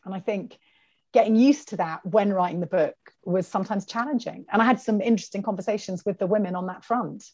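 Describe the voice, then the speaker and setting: A woman's voice: medium pitch, fairly quick, no echo, lo-fi sound. A woman, an author, chatting in a podcast interview over a video call, telling stories animatedly and mimicking the people she quotes. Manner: animated storyteller, quotes people in their voices. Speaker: author and guest.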